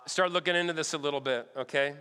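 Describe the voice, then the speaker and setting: A man preaching, telling a lively story and acting out the people in it. His voice is slightly high, bright and forceful, with a smooth, resonant tone. It rings out with the long reverb of a large hall. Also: quick pace. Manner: animated, acts out other people's lines. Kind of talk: sermon storytelling.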